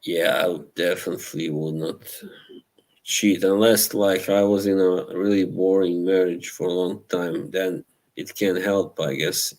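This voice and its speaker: A man's voice: low voice, fairly even intonation, darkish tone, rough recording. A man casually chatting on a live stream, reading viewer messages and laughing often. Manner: slow, laughing, trying British accents for fun.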